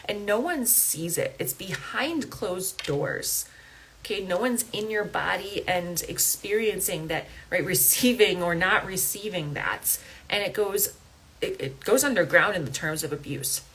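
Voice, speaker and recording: A woman's voice: medium pitch, lively intonation, measured pace, a bit bright, husky, rough recording. A woman in her thirties hosting a coaching podcast, talking earnestly and conversationally and checking in with "right?" and "okay?". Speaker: life coach and podcast host. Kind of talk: casual podcast monologue.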